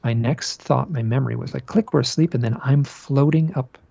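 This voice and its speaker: A man being interviewed about a personal experience, telling it as an animated story, often repeating phrases and restarting his sentences. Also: medium pitch, fairly quick, creaky, husky, no echo, muffled recording. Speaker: podcast guest.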